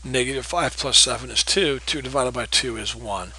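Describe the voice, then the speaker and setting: In this recorded geometry lesson, a man teaches math with patience, going over problems, restating key points, and asking "okay?" to check understanding. His voice is medium in pitch, pushed and bright, at a normal speed. The recording is rough, with a little hiss or hum.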